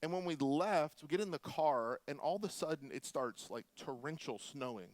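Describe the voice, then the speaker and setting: A man in his forties from Florida, preaching a sermon with animated, humorous storytelling. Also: fairly high pitch, normal speed, dry recording. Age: 40s. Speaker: pastor.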